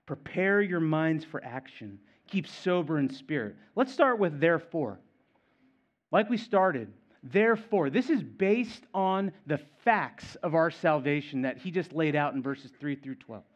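A man preaching a sermon, stressing and repeating key phrases, swinging between loud and quiet. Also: a little high, lively intonation, a little slow, lo-fi sound. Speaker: pastor.

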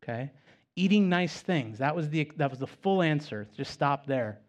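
A man's voice: a little high, animated, moderate pace. A male pastor preaching a sermon in a conversational way with self-deprecating humor.

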